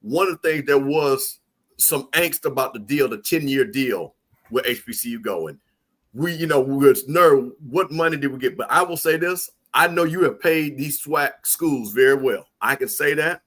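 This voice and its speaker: Man, Mississippi accent, sports talk co-host, emphatic, repeats points, middle pitch. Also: normal speed, a bit bright. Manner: emphatic, repeats himself when making a point. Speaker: co-host and football analyst.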